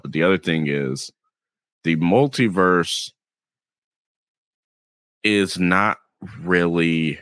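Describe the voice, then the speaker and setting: A man with a Southern US accent co-hosting a podcast, chatting casually and rambling as he dips into quick impressions. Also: very deep voice, fairly bright tone, no echo. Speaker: podcast co-host. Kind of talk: casual chat.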